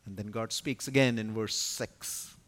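A man giving an expository Bible teaching at a conference, emphatic and full of rhetorical questions, his loudness rising and falling sharply. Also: on the low side, fairly even intonation, measured pace. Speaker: conference speaker teaching scripture. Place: conference venue.

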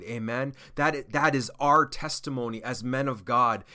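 A man's voice: medium pitch, measured pace, sharp tone. A man giving an earnest, encouraging devotional sermon to other men, often asking "amen?". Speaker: preacher to men.

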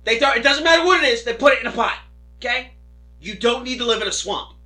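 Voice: mid-range voice, expressive, quick pace, pushed and bright. A podcast co-host arguing stubbornly for absurd claims and ranting with frequent swearing. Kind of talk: comedic argument.

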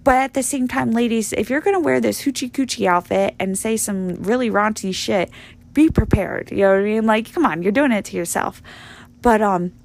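Blunt, gravelly-voiced woman podcaster. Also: fairly high pitch, moderate pace. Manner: blunt and profane, filler-heavy rambling. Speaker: podcast host. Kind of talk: casual monologue.

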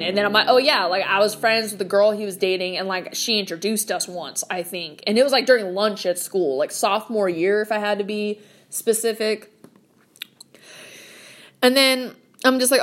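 Late 20s woman venting, cusses a ton, says like every other word, mid pitch. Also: moderate pace, a bit bright. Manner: blunt, heavy swearing, lots of "like". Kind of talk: casual storytelling rant.

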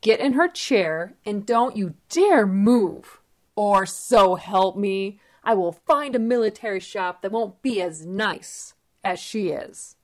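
A woman's voice: mid-range voice, lively intonation. A woman voicing an annoyed mother of two teenage sons, speaking firmly and scolding them in a storybook reading. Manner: firm, scolding, slow.

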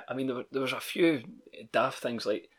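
A man's voice: medium pitch, moderate pace, fairly bright tone, husky. A Scottish man chatting casually on a podcast, hesitant with many ums and trailing phrases. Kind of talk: casual chat.

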